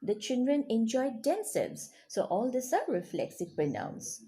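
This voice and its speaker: A woman's voice: fairly high pitch, big pitch swings, a little slow, warm tone. A woman teaching a grammar lesson to children, explaining patiently and checking in with questions. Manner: explains patiently, checks in with rising "yes?" and "okay?".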